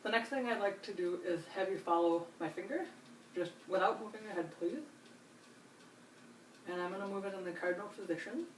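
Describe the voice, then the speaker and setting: A woman examiner demonstrating a neurological check, giving calm step-by-step instructions and reassurance. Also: medium pitch, brisk. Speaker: nurse examiner. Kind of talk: clinical demonstration. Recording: roomy, distant mic, faint hiss.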